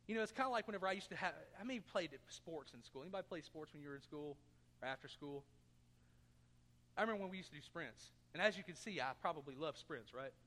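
A man's voice: on the high side, lively intonation, fast talker, bright, forceful tone, big-room sound. A man preaching a sermon as pastor, earnest, asking his congregation questions and throwing in jokes. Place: church sanctuary.

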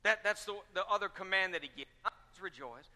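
Man, pastor, fervent sermon, repeated rhetorical questions, sharp bright tone, long hall reverb. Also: high voice, expressive, fast. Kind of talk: preaching a sermon.

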